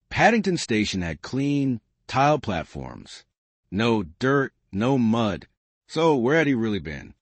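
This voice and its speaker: A man tells a bedtime mystery story in a calm, unhurried way. His voice sits low but moves freely in pitch, and the recording is close and dry. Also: no echo. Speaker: narrator.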